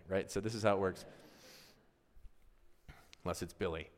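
A man preaching a conversational sermon, animated and always asking his listeners questions. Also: low-pitched, moderate pace. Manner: animated, asks the audience questions, often adds "right?". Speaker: pastor. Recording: long reverb of a large hall.

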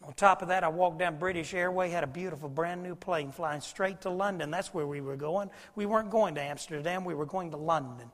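A man preaching a sermon, telling a folksy story and swinging between loud and hushed. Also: on the high side, fairly quick, few pauses. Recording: long hall reverb.

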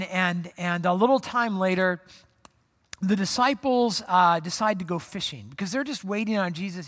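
Casting note: lively, conversational preacher, mid pitch, big hall reverb. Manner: casual and animated, acts out dialogue with laughs. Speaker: pastor. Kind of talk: sermon.

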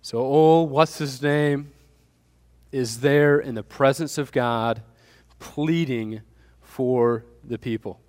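A man's voice: mid-range voice, takes it slowly, a little mellow, big-room sound. A man preaching a sermon, building emphasis and asking the congregation rhetorical questions. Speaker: pastor.

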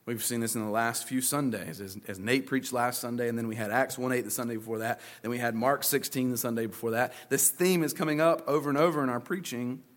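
A man's voice: medium pitch, fast talker, few pauses. A man preaching a sermon to his church, speaking conversationally with folksy asides and playful paraphrases. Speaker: pastor.

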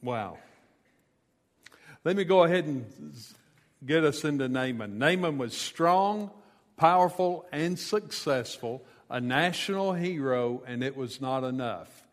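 Man, pastor, sermon, unhurried delivery, slightly high voice, conversational storytelling. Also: long reverb tail.

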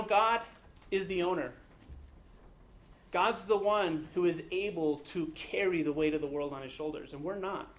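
A man leading a Bible study, preaching in an earnest, conversational way with occasional fillers. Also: sits high. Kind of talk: sermon.

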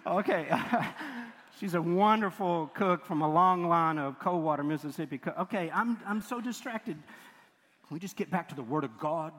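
A man's voice: fairly high pitch, moderate pace, a bit bright. A man preaching a sermon as pastor, chatty, laughing often and breaking off mid-sentence. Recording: long reverb of a large hall.

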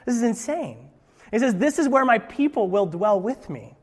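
A man's voice: extremely high pitch, sing-song, normal speed, a little mellow, husky, big-room sound. A man preaching as pastor, reading scripture and breaking into playful, conversational asides. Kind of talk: sermon.

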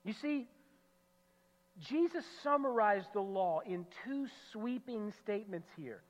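A male pastor preaching an expository sermon, emphatic, repeating key phrases and swinging from loud declarations to low, quiet asides. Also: expressive, slow. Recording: muffled sound with long hall reverb.

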